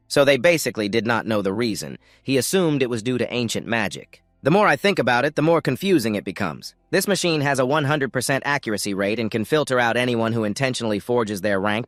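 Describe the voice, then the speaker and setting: A man narrating a storybook recap with steady storytelling. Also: medium pitch, no echo, clean studio sound. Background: faint music.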